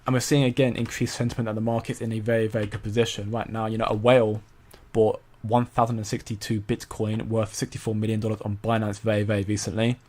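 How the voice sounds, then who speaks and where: A man's voice: lowish voice, little pitch movement, quick pace, hardly any pauses, darkish tone. A young man hosting a casual crypto commentary stream, rambling with many stumbles and repeated words while reading viewer comments. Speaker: crypto channel host.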